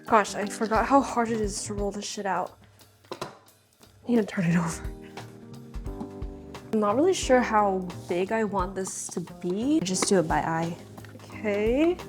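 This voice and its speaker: A woman's voice: medium pitch, animated, measured pace, pauses often. Young woman, casual baking vlog, home kitchen, chatty, faint music behind. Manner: chatty, self-talking, slightly flustered. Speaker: home baker vlogger.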